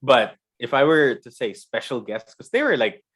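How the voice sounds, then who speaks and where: A man's voice: mid-range voice, big pitch swings, normal speed, fairly bright tone, breathy edge. A man co-hosting a podcast, talking earnestly in casual chat about a show he likes. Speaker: podcast co-host. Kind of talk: casual chat reviewing shows.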